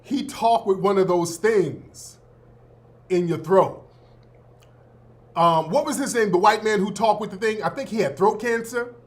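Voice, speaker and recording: A man's voice: high voice, measured pace, long pauses. A man in his fifties hosting a show, telling school stories in a casual, slangy way and often laughing. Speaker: host. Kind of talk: casual storytelling.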